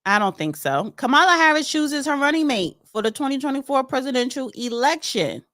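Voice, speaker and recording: Woman, higher voice, chatty and opinionated, reads news with asides, dry close sound. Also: big pitch swings, a little fast, a bit bright, no echo. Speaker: political commentary host. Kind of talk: casual solo commentary, reading news aloud.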